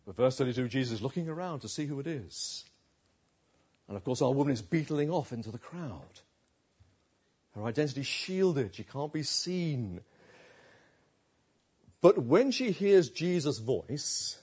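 Slow, breathy preacher. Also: male voice. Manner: expressive, with dramatic pauses and soft, hushed lows. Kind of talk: expository sermon. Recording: dull lo-fi recording.

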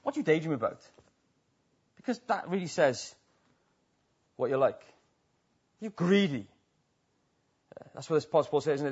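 A man's voice: on the high side, animated, a little fast, long pauses, breathy edge, highs cut off. A man from Wales with a Welsh accent preaching a sermon to a church, talking conversationally with many tag questions.

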